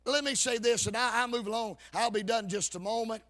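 A man preaching a fervent sermon, his lines rising into half-sung, shouted peaks. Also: very high voice, steady tone, a little fast.

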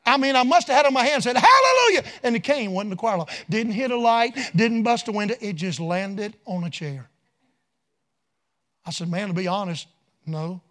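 Here a middle-aged man with a high-sitting voice preaches a folksy revival sermon full of stories. He moves from quiet asides to loud shouted peaks.

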